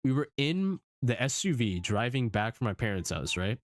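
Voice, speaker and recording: A young man streamer telling a story in casual chat, animated, swearing often and laughing as he goes. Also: mid-range voice, normal speed, no room sound.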